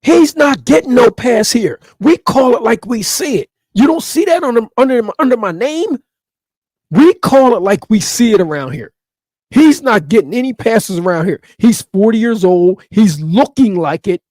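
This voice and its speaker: A man's voice: extremely high pitch, animated, normal speed, darkish tone, no room sound, studio quality. A man ranting through sports opinion commentary, emphatic and repeating his points over and over.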